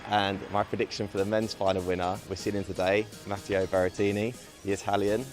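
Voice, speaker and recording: A young man from England chatting casually about tennis and family, relaxed and full of fillers. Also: on the low side, fairly quick, over music. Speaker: guest interviewee. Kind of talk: casual to-camera chat.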